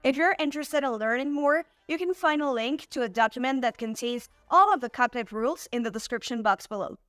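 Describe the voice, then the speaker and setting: A woman hosting an online Spanish lesson, saying example words slowly and clearly for learners. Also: sits high, fairly bright tone, no echo, soft background music. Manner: clear, slow model pronunciation of words. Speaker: Spanish teacher and channel host.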